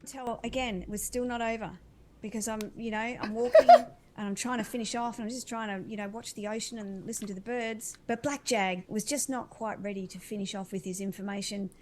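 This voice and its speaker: A woman's voice: on the high side, fairly even intonation, fairly quick, a little mellow, a little hiss or hum. A woman acting as an animal communicator, describing intuitive visions in an earnest, dreamy, winding way.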